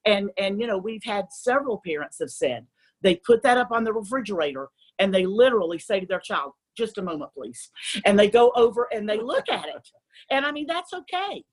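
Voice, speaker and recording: A woman's voice: mid-range voice, lively intonation, brisk, poor audio. A woman speaking as a guest on a faith-based parenting show, earnest and quoting scripture.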